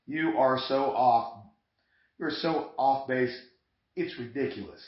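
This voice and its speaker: A man co-hosting a podcast, chatting casually and profanely over drinks, animated and laid-back. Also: mid-range voice, slow. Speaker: podcast co-host. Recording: roomy, dull lo-fi home recording.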